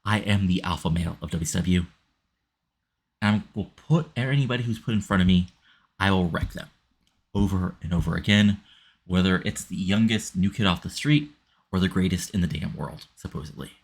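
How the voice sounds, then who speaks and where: A man's voice: sits low, moderate pace, gravelly, husky, exaggerated voice. A man voicing an intense, boastful male wrestler making threats. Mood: menacing.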